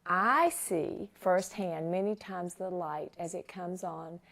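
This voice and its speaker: A woman's voice: fairly low pitch, steady tone, slow pace, a bit bright. A woman hosting a Christian talk show interview, moved to tears as she honors her guest. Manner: emotional, tearful while honoring her guest. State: tearful.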